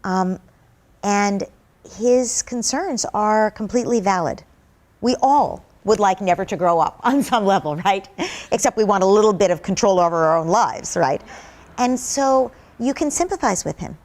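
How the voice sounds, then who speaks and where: A woman answering interview questions as a parenting expert, calm and reassuring, repeating key points for emphasis. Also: medium pitch, normal speed.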